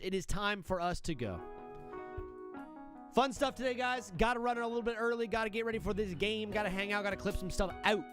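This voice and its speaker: A man's voice: high-pitched, fairly bright tone, clear, resonant tone, no room sound. A young man hosting a live sports stream, talking in a brash, joking, fired-up patriotic banter. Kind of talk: casual live-stream chat.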